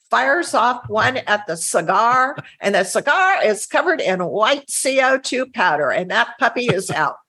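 A woman with a slightly raised, husky voice recounts an old in-flight incident. She tells it in a lively, anecdotal way and slips into the voices of the people in her story as she goes. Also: a little high. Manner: lively anecdotal telling, acts out quoted lines. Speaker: former flight attendant. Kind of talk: storytelling in a podcast interview.

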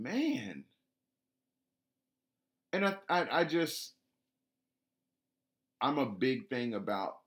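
Low-voiced man musing casually. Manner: rambling, with frequent restarts and fillers. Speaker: dog owner talking about training. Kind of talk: casual spoken monologue.

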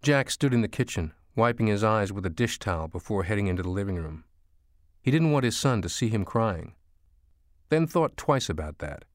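A man reading an audiobook as narrator, slow and hushed storytelling. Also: on the low side, animated, dry recording, studio quality. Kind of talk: scripted narration.

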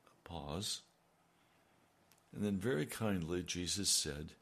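An older man delivers a sermon in a low, gravelly voice full of vocal fry, yet fairly bright in tone. He speaks slowly and earnestly, leaning hard on the key phrases.

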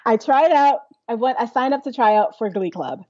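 A woman's voice: a little high, animated, moderate pace, a little mellow, no echo, lo-fi sound. A young adult woman, a classical singer, telling her story in a casual interview, laughing often and acting out quotes. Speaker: interview guest.

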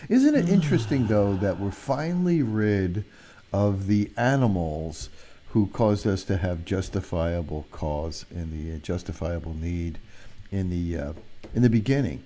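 Co-host guy on talk radio, low mellow voice, sarcastic jabs. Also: unhurried, a little hiss or hum. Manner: agreeing interjections, sarcastic asides.

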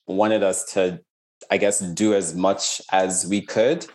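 A man's voice: low voice, steady tone, slow pace, darkish tone. A man from Nigeria, an artist talking reflectively in an interview, often restarting his sentences. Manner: reflective, with frequent restarts and "like" fillers. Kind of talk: casual interview conversation.

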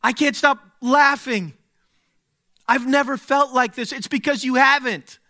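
A man preaching a sermon, speaking slowly and deliberately, dropping to a hush and then rising to exclaim. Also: very high voice. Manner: slow, deliberate, swings from hushed to exclaiming.

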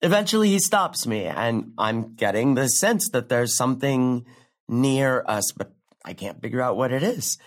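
A young woman playing a brash comic who delivers a rambling, sardonic, profane stand-up story with big leaps in pitch. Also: lively intonation, normal speed. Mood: wry. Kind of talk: stand-up comedy monologue in a drama.

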